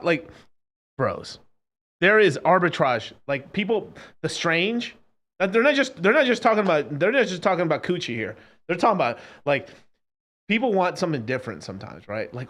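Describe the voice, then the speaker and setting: Man, crypto stream host, loose profane rant, lively swooping pitch, slightly high voice. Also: a little fast. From Mexican. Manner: profane, emphatic, repeats phrases, mocking mimicry. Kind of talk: unfiltered casual rant.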